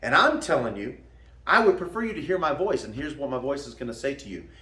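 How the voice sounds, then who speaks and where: A man's voice: medium pitch, lively intonation, fast talker, sharp tone, reverberant. A man who teaches martial arts, giving a folksy motivational talk, calling the listener "man" and laughing at his own jokes.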